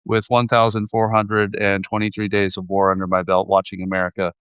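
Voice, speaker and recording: A man from Texas hosting a remote interview, his voice low and smooth. He talks in an easygoing way, and the call audio sounds dull and lo-fi, dry with no room echo. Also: completely flat delivery, brisk. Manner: easygoing, frequent affirming interjections. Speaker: host. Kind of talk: casual interview chat. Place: high-rise apartment in Kyiv.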